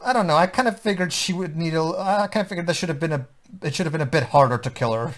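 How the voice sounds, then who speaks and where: Man, fairly high voice, rambling commentary host, restarts his sentences a lot. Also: fast talker, a bit bright. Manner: rambling, with frequent stammered restarts. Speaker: podcast co-host. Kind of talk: casual movie commentary.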